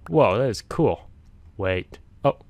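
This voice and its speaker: Excitable man narrating his gameplay. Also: lowish voice, slow pace. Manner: chatty and easily startled, yelps and laughs at the game; talks directly to viewers. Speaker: gaming channel host. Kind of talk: casual gameplay commentary.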